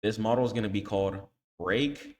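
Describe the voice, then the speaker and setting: During a screen-share chart tutorial, a trading educator with a low, gravelly voice teaches in casual slang and adds "okay?" to nearly every point. He keeps a moderate pace and fairly even intonation, but scolds emphatically when warning against emotional trading.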